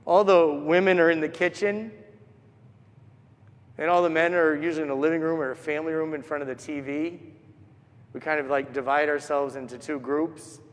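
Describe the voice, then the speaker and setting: A man's voice: fairly high pitch, steady tone, moderate pace. A man preaching a sermon as a priest, telling stories and acting out the voices he quotes. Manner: storytelling, acts out the voices he quotes. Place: large church. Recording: long church reverb.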